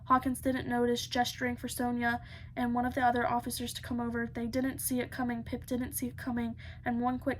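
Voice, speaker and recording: A woman narrating a novel chapter as an audiobook, steady with occasional slips. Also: fairly high pitch, a little hiss or hum. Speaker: audiobook reader.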